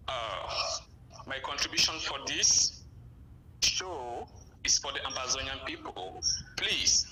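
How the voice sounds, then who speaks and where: A man calling in to a radio show, speaking urgently and insistently over an echoey, noisy phone line. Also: mid-range voice. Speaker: caller. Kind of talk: call-in phone contribution.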